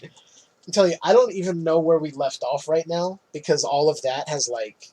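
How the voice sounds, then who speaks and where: A man's voice: on the high side, moderate pace, warm tone, poor audio. A man podcast co-host recapping a film in casual chat, loose and swearing, laughing often.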